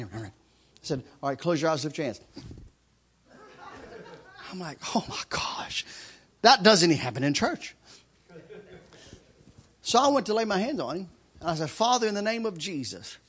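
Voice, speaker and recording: A man preaching a sermon as a story, swinging from loud, excited shouts to hushed, intense lines. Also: on the high side.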